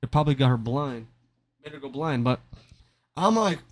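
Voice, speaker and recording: A man's voice: mid-range voice, lively intonation, normal speed, no room sound. A young man casually telling a rambling, self-mocking story over gameplay, often stumbling and repeating his words. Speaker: gaming commentator.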